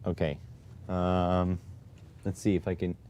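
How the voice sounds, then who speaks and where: Low mellow-voiced guy streaming, mumbling at his settings, bit of hiss behind. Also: little pitch movement, slow, lo-fi sound. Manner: muttering to himself while fiddling with settings; exasperated, keeps sighing oh my God. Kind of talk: casual live-stream talk.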